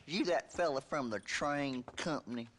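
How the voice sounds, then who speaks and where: An actor playing a hostile, jumpy small-town deputy in a western video game, with high, twangy, agitated speech. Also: male voice, moderate pace, fairly bright tone, slight background noise, lightly acted.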